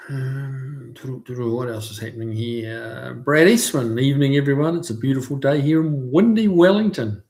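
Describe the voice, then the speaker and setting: A man chats casually through a home livestream. His voice sits at an ordinary middle pitch. He rambles in a friendly way, filling the gaps with ums and uhs. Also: normal speed, hardly any pauses, a little mellow. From New Zealand. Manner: chatty, friendly, lots of fillers. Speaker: livestream host. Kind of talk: casual live chat reading viewer comments.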